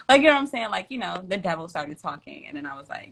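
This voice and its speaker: A woman's voice: medium pitch, big pitch swings, quick pace, gravelly, hardly any pauses, a bit bright. A woman hosting a tarot livestream from home, chatting casually in slang, laughing often and reading out viewer comments.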